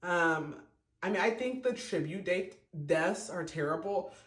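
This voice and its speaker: A man's voice: sits high, measured pace, a bit bright. A man hosting a podcast, giving a casual, emotional book review full of fillers and restarts. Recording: roomy echo.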